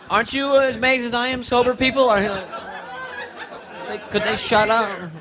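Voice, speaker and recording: A man's voice: extremely high pitch, steady tone, normal speed, pauses often, crowd noise. A man doing a live stand-up comedy set on a club stage, playful and self-mocking.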